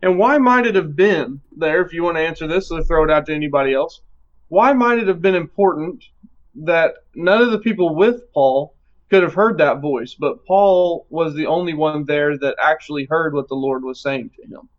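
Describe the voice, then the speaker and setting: A man leading a live Bible study discussion, reading scripture aloud and talking in a relaxed way with fillers. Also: a little high, moderate pace, dull audio.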